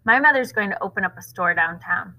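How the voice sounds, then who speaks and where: A woman reading aloud, voicing a quiet, guarded country boy with plain, hushed speech. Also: medium pitch, animated, a little fast, rough recording.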